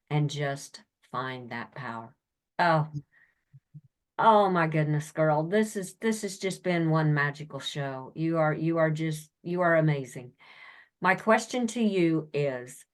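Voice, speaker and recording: A woman's voice: sits low, animated, measured pace. A woman podcast host who gushes praise at her guest. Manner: effusive, gushing praise. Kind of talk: interview talk.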